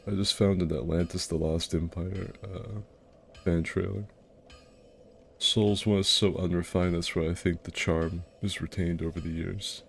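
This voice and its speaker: A young man from Florida rambles through casual gameplay commentary, cracking crude jokes as he plays. His voice sits very deep and low. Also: steady tone, a little slow, gravelly, a little hiss or hum. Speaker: gaming video host.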